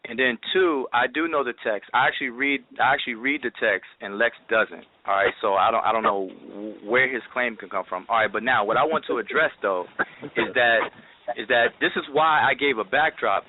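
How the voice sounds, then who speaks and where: Man caller, halting and emphatic, middle pitch, tinny phone line. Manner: halting, repeats words, explains with emphasis. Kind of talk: heated phone debate.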